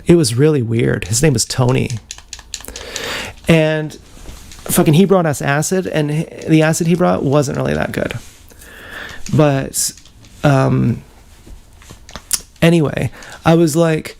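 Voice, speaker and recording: Gravelly man rambling on a livestream. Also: a little high, a little slow, pauses often, a little mellow. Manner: rambling, profane storytelling. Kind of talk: casual livestream monologue. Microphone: action camera mic.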